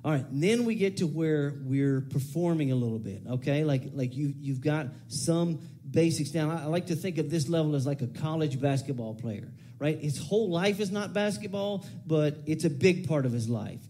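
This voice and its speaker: A man in his forties gives a loose, chatty sermon, drifting into asides and restarting his sentences as he goes. His voice sits a little high for a man but sounds soft and mellow. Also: moderate pace, hardly any pauses. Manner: casual, rambling, with many restarts and asides. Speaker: preacher. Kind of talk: conversational sermon.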